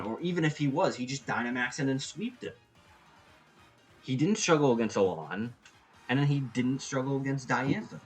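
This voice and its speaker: A man giving a casual, opinionated review, rambling and animated, often restarting his sentences. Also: mid-range voice, low-quality recording. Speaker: anime reviewer.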